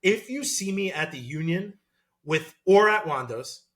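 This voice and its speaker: A man in his thirties, a former college football player, talking as a podcast guest in an animated, excitable way with lots of fillers. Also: high-pitched, measured pace. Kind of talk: casual podcast interview.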